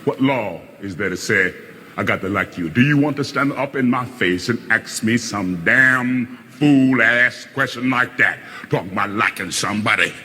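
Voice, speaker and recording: An actor playing a stern, gruff father who lectures his son, dropping into low growls and rising into shouts. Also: normal speed, long reverb tail. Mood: scolding. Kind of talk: film drama.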